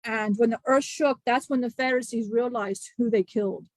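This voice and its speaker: A woman channeling the spirit of an ancient male disciple, telling a grieving testimony in halting, emotional bursts with many restarts. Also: on the high side, steady tone, no echo, natural voice. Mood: solemn.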